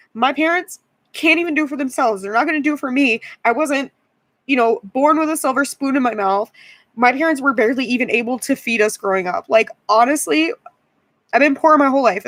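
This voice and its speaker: A woman's voice: a little high, a bit bright, no room sound. A woman in her twenties venting in a tired, frustrated vlog rant, often repeating herself. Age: 20s. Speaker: YouTuber.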